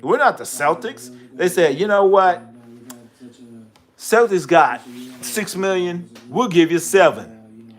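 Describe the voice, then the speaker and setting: A man talks sports in a slow, unhurried way, with a voice set a little higher than most men's. He tells stories with plenty of repetition and restarts, acting out lines of dialogue in a gruff voice as he goes. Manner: animated storytelling, acts out deals with gruff voices; repeats himself, restarts. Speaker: sports show host. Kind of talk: casual sports talk.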